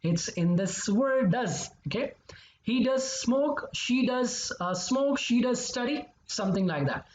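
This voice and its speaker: With an extremely high pitch and lively intonation, a man teaching English explains grammar a little slowly and step by step. He repeats his examples and keeps asking "okay?" and "right?" on an echoey, slightly dull recording.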